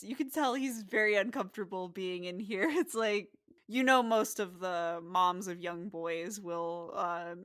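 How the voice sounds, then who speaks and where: A woman running a tabletop game as game master, chatty and laughing as she narrates. Her voice is bright and clear, recorded in a dry room. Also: fairly low pitch, dry recording.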